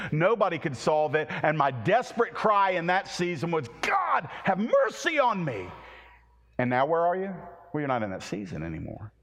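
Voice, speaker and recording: A man preaching a sermon to a large congregation, impassioned, with repeated phrases and stammered restarts. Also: a little high. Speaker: pastor. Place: large church hall. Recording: long reverb of a large hall.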